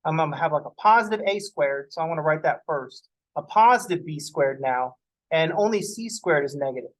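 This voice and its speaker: With lively intonation and a brisk pace, a young math lecturer whose voice runs a bit high teaches in a classroom. He goes off on joking tangents, rants, and swears casually before returning to the lesson, and the recording quality is rough.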